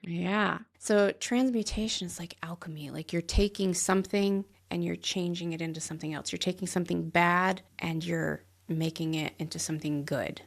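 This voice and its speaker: Very gravelly woman telling stories. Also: on the low side, moderate pace, hardly any pauses. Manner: animated storyteller, acts out quotes. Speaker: podcast co-host. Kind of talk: casual storytelling chat.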